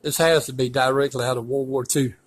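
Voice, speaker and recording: A man narrating casually as he films his walk through a museum, rambling and folksy and quick to complain. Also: mid-range voice, fairly even intonation, rough recording. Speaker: vlogger touring a museum. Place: indoor museum.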